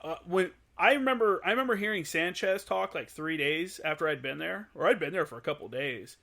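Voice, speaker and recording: A man's voice: on the high side, animated, fairly quick, vocal fry, bright, forceful tone. A man hosting a casual podcast interview, talking bluntly with plenty of swearing and repeated words. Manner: blunt, profane, repeats words while thinking. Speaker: podcast host.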